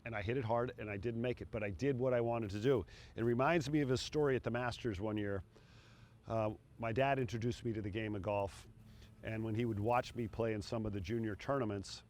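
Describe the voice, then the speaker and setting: Relaxed low-voiced man coaching on a green. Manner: relaxed, encouraging, thinks aloud between putts. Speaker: putting coach. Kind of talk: on-course instruction. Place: outdoor putting green.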